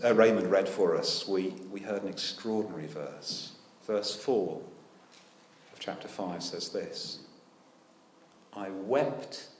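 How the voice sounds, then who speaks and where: A man preaching a sermon, animated and full of rhetorical questions with dry humour. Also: low-pitched, reverberant, a little hiss or hum. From United Kingdom. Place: church.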